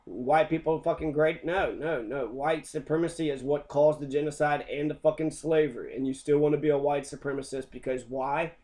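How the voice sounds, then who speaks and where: A man's voice: on the high side, fairly even intonation, moderate pace, hardly any pauses, a little mellow. A man teaching a history lesson as an angry, profane rant, swearing constantly.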